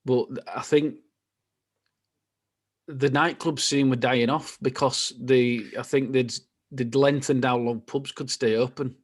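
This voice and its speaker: A man in his thirties reminiscing in casual podcast chat. His voice sits at a middling pitch, and he rambles along easily, often trailing off mid-thought. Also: fairly even intonation, unhurried. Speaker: podcast co-host.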